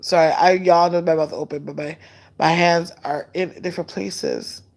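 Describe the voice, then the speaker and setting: A woman hosting a casual live stream, chatting loosely and candidly while answering viewer comments in a relaxed way. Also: fairly low pitch, gravelly. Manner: relaxed and unhurried. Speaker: livestream host.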